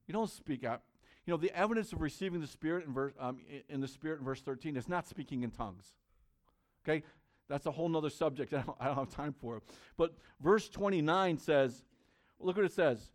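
A male pastor preaching a sermon in an earnest, conversational way. His voice sits a little higher than most men's. He reads scripture aloud and talks straight to his listeners. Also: brisk.

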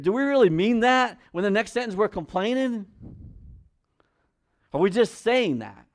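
A pastor preaching a sermon. He asks the congregation direct questions, and his voice swings between loud emphasis and quiet, low asides. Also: lively intonation, a little slow.

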